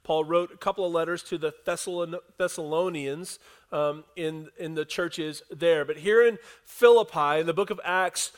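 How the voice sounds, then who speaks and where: Speaking at a moderate pace in a slightly high voice, this pastor retells a scripture passage during his sermon. He addresses the congregation directly and animatedly performs each quote.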